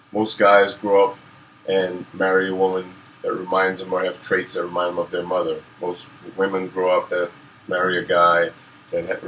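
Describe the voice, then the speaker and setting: Man from Saint Croix, reflective and unhurried, low and even, heard from across an echoey room. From Saint Croix, US Virgin Islands. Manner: reflective, with many fillers and restarts. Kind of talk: casual conversation. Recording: roomy, from some distance, faint noise.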